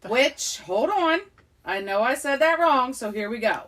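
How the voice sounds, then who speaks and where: A woman hosts a casual podcast in a playful, jokey way. Her voice is bright and sits a little high. She takes her time with every phrase. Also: lively intonation, unhurried. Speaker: podcast host.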